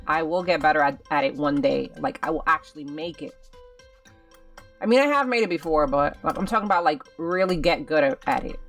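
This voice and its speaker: A woman's voice: low-pitched, vocal fry, fairly bright tone, far from the mic. A young woman doing casual game commentary, chatty and dramatic, talking straight to her viewers while she plays. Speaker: gaming channel host.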